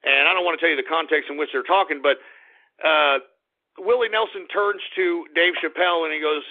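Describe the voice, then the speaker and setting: A man's voice: fairly high pitch, fairly quick. A middle-aged man hosting a talk radio show, ranting in a blunt, crude, opinionated way. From Texas. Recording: tinny phone-like radio audio.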